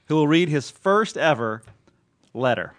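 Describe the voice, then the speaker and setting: A man's voice: fairly high pitch, animated, unhurried, fairly bright tone. A man hosting a podcast, talking casually and joking, laughing often. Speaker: podcast host. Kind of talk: casual chat.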